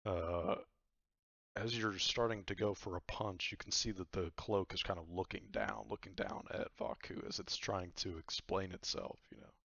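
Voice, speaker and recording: A man with a very low, gravelly voice narrates a tabletop game as the game master, rambling and filling his speech with uhs and likes. His tone is steady and fairly bright, and he talks at normal speed. The recording is dry and dull like a lo-fi mic, with no room sound.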